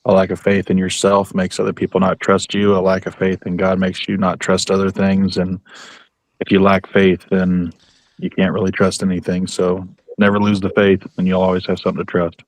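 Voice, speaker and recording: A man answering in a casual online debate in a measured, slightly preachy way over a call mic. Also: deep voice, monotone, no echo. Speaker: debate participant. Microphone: video call mic.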